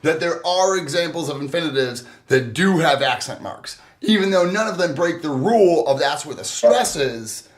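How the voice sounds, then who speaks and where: A man's voice: a little high, animated, moderate pace, few pauses. Upbeat man co-hosting a language podcast. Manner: enthusiastic, with lots of fillers and self-corrections. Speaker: podcast co-host. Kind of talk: casual explanatory chat.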